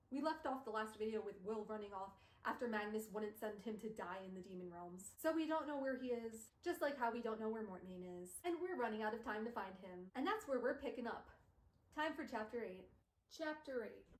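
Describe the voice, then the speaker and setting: A woman's voice: on the high side, lively intonation, normal speed. A young woman VTuber recapping a novel in a chatty, sarcastic way, dropping "like" constantly. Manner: chatty, sarcastic, heavy use of "like". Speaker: VTuber streamer. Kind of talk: casual book recap. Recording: roomy echo.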